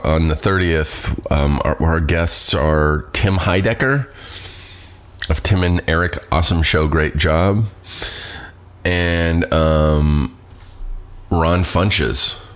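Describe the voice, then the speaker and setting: A middle-aged man hosts a podcast of casual chat, rambling in a laid-back way and swearing now and then. His voice sits low and he speaks slowly.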